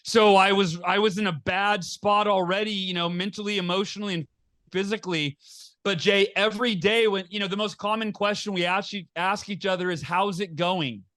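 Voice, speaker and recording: High, bright-voiced man telling a personal story. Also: normal speed. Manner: earnest, animated, acts out quoted dialogue, frequent restarts. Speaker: podcast guest, author and speaker. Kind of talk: candid storytelling in an interview.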